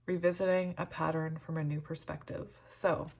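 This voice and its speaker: A woman giving a pick-a-card tarot reading, emotional and hesitant, shaky and close to tears, with many pauses and ums. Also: sits low, flat delivery, darkish tone. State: shaky and tearful. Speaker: tarot reader.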